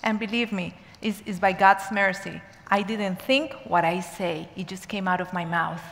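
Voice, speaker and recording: A woman giving a sermon in a church, telling a story earnestly and with emphasis, sometimes rushing and sometimes slowing down. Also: medium pitch, fairly even intonation, vocal fry, a bit bright. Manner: earnest, emphatic storyteller, pace shifting between rushed and slow. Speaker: church speaker. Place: church sanctuary. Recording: long church hall reverb.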